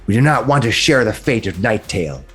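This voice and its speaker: A man's voice: lowish voice, very animated, moderate pace, husky, soft background music. Role: man doing a fretful scheming kobold grunt, formal speech, voice close to his own. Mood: worried. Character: worried male kobold tunnel runner, scheming.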